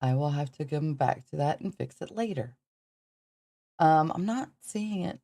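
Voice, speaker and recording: A woman's voice: low-pitched, lively intonation, measured pace, dark tone, no echo. A woman with a Southern accent hosting a podcast livestream, rambling casually, swearing freely and laughing often. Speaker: podcast host.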